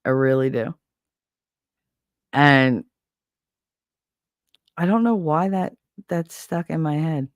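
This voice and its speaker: A woman's voice: low-pitched, slow pace, pauses often, no room sound, studio quality. A woman hosting a casual show, telling rambling stories with plenty of swearing and answering a viewer's comment. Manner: rambling, profane, animated storyteller. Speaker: host. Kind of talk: casual storytelling chat.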